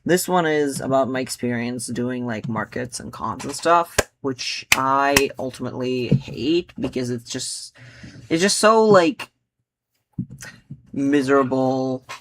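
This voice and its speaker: A man's voice: medium pitch, slow pace, fairly bright tone, a little hiss or hum. Rambling young man musing on poems. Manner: rambling, full of filler words, drifting into mutters. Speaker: poet. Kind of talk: casual chat about his own poems.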